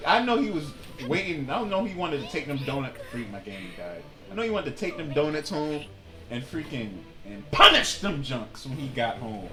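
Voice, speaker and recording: Animated young man telling a workplace story. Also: a little high, normal speed, roomy sound. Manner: animated, slangy, mimics people in his story. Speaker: streamer. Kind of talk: casual storytelling while gaming.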